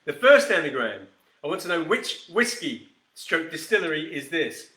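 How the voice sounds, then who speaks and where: A man's voice: on the high side, big pitch swings, normal speed, sharp tone, roomy sound. A man hosting a live whisky show, chatting casually with viewers by name and rambling as he demonstrates a cocktail. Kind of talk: casual live-stream chat and cocktail demo.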